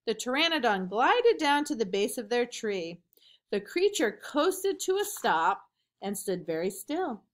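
A young woman reading a chapter book aloud to children, expressive and pausing to ask questions. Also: fairly high pitch. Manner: expressive, animated.

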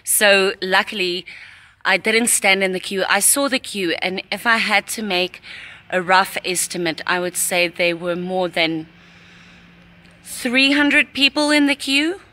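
A woman's voice: mid-range voice, takes it slowly, sharp tone. A young pregnant woman chatting in a vlog about her morning at the hospital, in a heartfelt, reflective way. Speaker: pregnant vlogger. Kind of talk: casual vlog chat. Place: at a hospital, partly outdoors.

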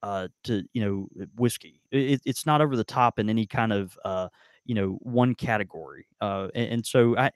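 In a dry, studio-quality recording, a man with a lowish voice speaks at a normal pace while co-hosting a podcast in Mississippi. He chats casually about tasting, rambling with many fillers and restarts.

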